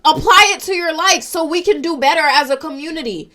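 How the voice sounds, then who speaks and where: Mulher jovem e aguda, desabafando frustrada. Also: female voice, high voice, a little fast, pushed and bright. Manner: emotional, frustrated, ranting. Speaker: social media commentator. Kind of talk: casual vlog commentary.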